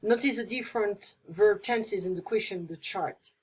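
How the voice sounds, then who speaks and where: A woman's voice: medium pitch, normal speed, a little mellow, a little hiss or hum. A woman teaching English in a casual lesson, chatting as she explains phrases with playful examples.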